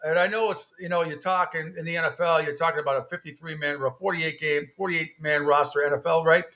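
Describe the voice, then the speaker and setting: A man's voice: fairly high pitch, fairly even intonation, fast talker, bright, forceful tone. A man with a slightly raised voice hosts sports talk radio. He is opinionated and conversational, and he laughs easily. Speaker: radio host.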